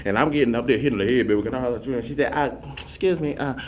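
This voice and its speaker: A man telling rambling comic stories in a rapid, run-on, repetitive way, animatedly acting out the scenes. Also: medium pitch, highs cut off, slight background noise. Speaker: comic storyteller.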